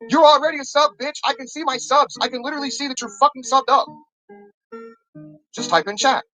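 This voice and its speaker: A man hosting a live stream, ranting in a rambling, profane, animated way. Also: extremely high pitch, brisk, soft background music, rough recording. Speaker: stream host. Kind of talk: casual live-stream rant.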